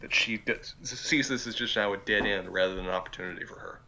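A man co-hosting a casual recap podcast, mixing thoughtful analysis with excited outbursts. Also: fairly low pitch, fast, slight background noise, low-quality recording. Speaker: podcast co-host.

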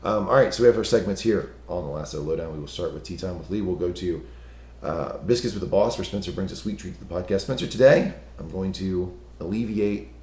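Low, hoarse, gravelly-voiced man. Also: fairly quick, a little mellow, echoey room, slight background noise. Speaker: podcast co-host. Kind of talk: casual chat.

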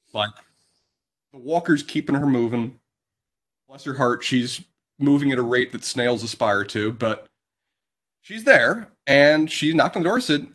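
Man, podcast co-host, rambling anecdotes with restarts, medium pitch. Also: a bit bright. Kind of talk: casual storytelling.

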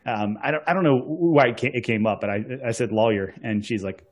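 A man's voice: medium pitch, fairly quick. A man from North Carolina co-hosting a casual chat, rambling from one point to the next. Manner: rambling, digressive. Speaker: podcast co-host.

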